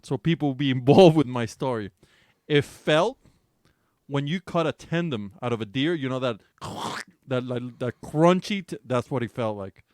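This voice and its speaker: A man co-hosting a casual podcast tells a raunchy story, swearing freely and laughing as he goes. His voice sits at an ordinary middle pitch. The sound is dry and close, with no room around it. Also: moderate pace, no echo. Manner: animated, profane, laughing storyteller. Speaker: podcast co-host.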